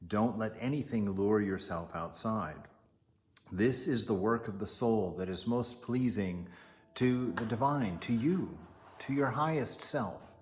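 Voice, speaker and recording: A man giving a casual spiritual teaching, retelling a legend as an animated storyteller. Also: lowish voice, a little slow, slight background noise. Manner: animated storyteller, chuckling asides.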